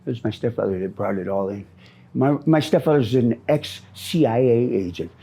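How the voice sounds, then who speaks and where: Middle-aged guy from minnesota, husky dark voice, rambles and repeats, angry streak. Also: medium pitch, lively intonation, normal speed. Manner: rambling, angry, repeats himself, says "man" a lot. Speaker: interviewee. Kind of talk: street interview. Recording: outdoor street interview.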